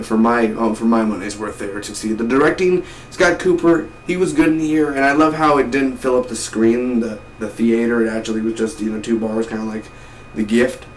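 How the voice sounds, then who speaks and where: A man reviews a film casually, rambling and enthusiastic, with an ordinary mid-range pitch. He sits some distance from the mic in a roomy space. Faint noise hums underneath. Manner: rambling, repeats words, enthusiastic. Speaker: movie reviewer.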